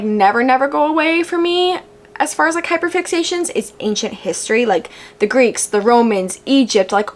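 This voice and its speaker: A young woman vlogging casually at home, chatty and rambling with lots of filler "likes", gushing excitedly. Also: medium pitch. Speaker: book vlogger. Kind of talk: casual book haul vlog.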